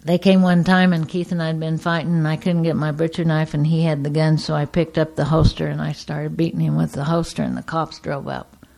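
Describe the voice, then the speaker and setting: A middle-aged woman giving a personal testimony to an audience, a lively storyteller who acts out the people in her story. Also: low voice, a little fast, creaky. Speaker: speaker sharing her recovery story.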